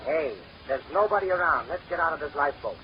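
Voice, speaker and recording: An actor playing a hungry, scheming Italian sidekick with an Italian accent and broken grammar, in 1930s radio comedy. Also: male voice, fairly high pitch, animated, fast, dull audio, natural voice. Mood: cheeky. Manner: broken grammar, cheeky wordplay. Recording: scratchy 1930s radio recording.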